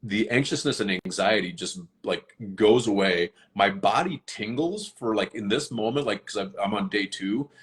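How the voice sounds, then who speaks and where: A man's voice: lowish voice, moderate pace, hardly any pauses, a bit bright. A man chatting casually on a live stream, earnest and rambling, with many fillers and restarts. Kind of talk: casual chat.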